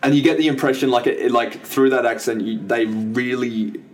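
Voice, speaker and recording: Over soft background music, a podcast co-host with a mid-range voice and fairly even intonation discusses a film at a moderate pace. The chat is casual and rambling, full of restarts and self-corrections.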